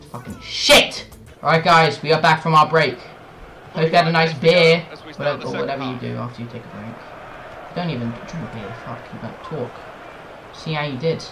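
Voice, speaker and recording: A young man doing loud gameplay commentary for a football video game, swearing and shouting at the players. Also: a little high, gravelly, poor audio. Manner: excitable, swears a lot, yells at the game. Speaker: gaming YouTuber. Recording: game music playing behind. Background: soccer game music and commentary.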